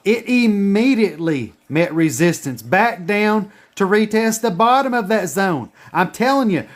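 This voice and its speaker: A man's voice: high-pitched, lively intonation, a little slow, hardly any pauses. A man teaching chart reading in a casual screen-share lesson. He is emphatic and profane, and he repeats his points. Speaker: trading educator.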